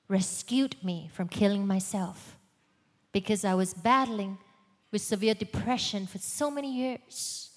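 A woman giving a sermon testimony in a church, swinging from loud urgent passages to hushed whispers. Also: mid-range voice. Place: large church hall. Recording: long hall reverb.

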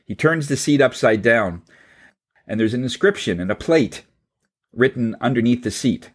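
Man, mid-pitched voice, casual speaker spinning a story that turns into a spiritual message. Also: expressive. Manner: casual, halting storyteller voicing characters.

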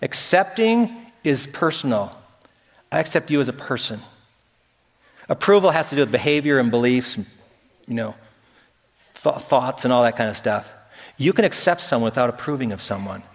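A man's voice: mid-range voice, expressive, normal speed, pauses often. A man preaching a sermon as pastor, talking conversationally with emphatic repetitions and acted-out quotes, in a church sanctuary. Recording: echoey hall.

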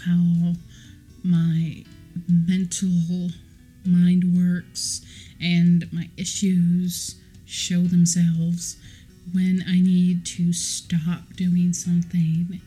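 A woman's voice: fairly low pitch, monotone, drawn-out words, mellow, breathy edge, soft background music. A woman hosting her own podcast, talking casually in a rambling, affectionate way and correcting herself mid-sentence. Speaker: podcast host. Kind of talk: casual solo podcast chat.

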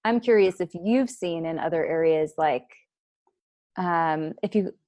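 A woman's voice: on the low side, a little slow, warm tone, dry recording, clean studio sound. A woman who leads a nonprofit program, answering interview questions in an earnest, explanatory way with many fillers.

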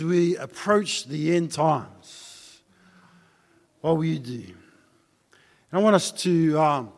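A man's voice: on the high side, lively intonation, slow, gravelly, long pauses, darkish tone. A man preaching a sermon in a church hall. He tells a story in a loose, conversational way and presses his listeners with repeated rhetorical questions. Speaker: pastor. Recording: long hall reverb.

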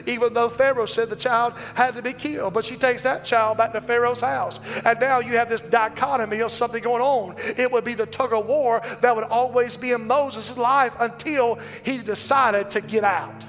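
A man's voice: very high voice, steady tone, moderate pace, hardly any pauses, a bit bright, in a large hall, soft background music. A middle-aged man preaching a sermon in a church, impassioned and rhythmic, calling the congregation to respond.

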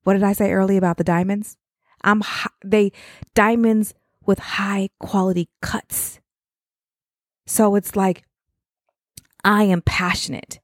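A woman's voice: medium pitch, fairly even intonation, unhurried, pauses often, dry recording, studio quality. A middle-aged woman, a mother, giving a casual motivational talk to other mothers, rambling and conversational and often checking in with the listener.

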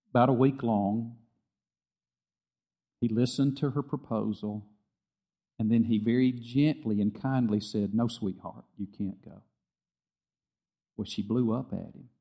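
Mellow-voiced male pastor preaching. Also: medium pitch. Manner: earnest, repeats phrases, drops soft for quoted dialogue. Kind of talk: sermon.

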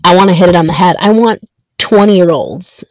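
A woman in her thirties hosting her own podcast, talking earnestly and haltingly with many ums and restarts. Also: fairly low pitch, darkish tone, no room sound. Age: 30s. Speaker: podcast host. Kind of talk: reflective solo podcast monologue.

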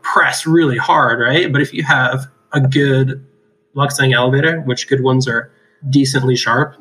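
A man's voice: mid-range voice, bright, forceful tone, rough recording. Laughing man explaining oral surgery. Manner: laughs often, explains with rhetorical "right?". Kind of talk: casual clinical discussion.

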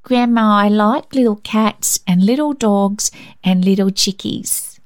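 A woman's voice: medium pitch, measured pace, voice pushed up, close to an everyday voice. A woman voicing Rhonda, a small girl who speaks hopefully and cheerfully.

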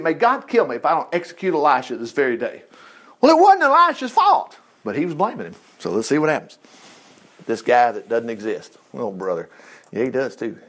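A man preaching a sermon, retelling a Bible story and acting out its people. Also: fairly high pitch. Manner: animated, acts out the people in the story.

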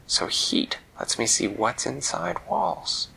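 A man's voice: mid-range voice, big pitch swings, slow, creaky, sharp tone, slight background noise, voice pushed up, full character voice, low-quality recording. A man voicing an adventurous aunt in a storybook tale, patiently explaining her gadgets.

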